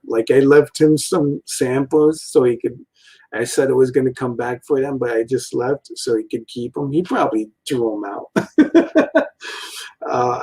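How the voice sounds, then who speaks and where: Poor audio carries the husky, darkish, medium-pitched voice of a fortysomething toy and cartoon reviewer. Sitting in a room at home, he meanders through a casual rant, chuckling often and leaning on filler words.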